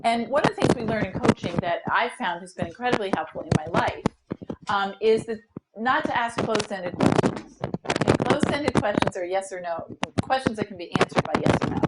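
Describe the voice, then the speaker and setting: A woman running a workshop as trainer, explaining ideas to a group in an animated, conversational way. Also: medium pitch, a little fast, very noisy. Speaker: diversity trainer. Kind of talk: workshop facilitation.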